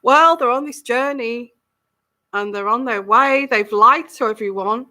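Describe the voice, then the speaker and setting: A woman's voice: fairly high pitch, a little slow, pushed and bright. A woman giving a live tarot reading, musing aloud, repeating words and acting out little quotes. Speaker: tarot reader.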